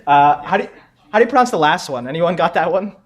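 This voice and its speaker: A man's voice: fairly high pitch, lively intonation, quick pace, dull audio. Joking man hosting a live quiz. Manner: joking, chatty, repeats himself. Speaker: quiz host. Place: conference room with audience.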